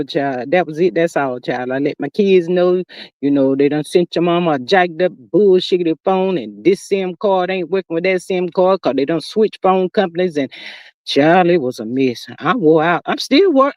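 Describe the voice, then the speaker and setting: A middle-aged woman hosting a livestream, chatting casually with viewers and reading their comments in an animated, talkative way. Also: on the low side, no room sound, lo-fi sound. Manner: chatty and animated, calls viewers "child" and "y'all". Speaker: livestream host. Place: sitting outdoors.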